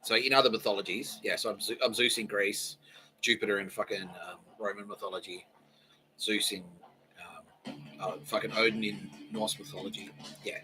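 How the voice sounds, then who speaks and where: A man's voice: on the low side, fairly even intonation, normal speed, sharp tone, faint music behind, poor audio. A young man hosting a podcast, talking in a rambling, profane, self-mocking way. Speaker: podcast host. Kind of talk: casual solo monologue.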